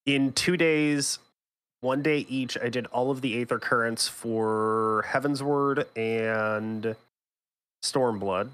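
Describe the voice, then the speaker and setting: A man's voice: medium pitch, steady tone, slow pace, fairly bright tone, clean tone. A man co-hosting a gaming podcast in casual chat, teasing and rambling with frequent restarts. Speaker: podcast co-host.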